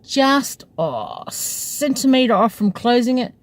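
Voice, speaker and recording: A woman's voice: fairly low pitch, unhurried, darkish tone, dry recording, low-quality recording. Chatty woman taxi driver. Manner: laughs often while telling. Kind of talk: casual storytelling.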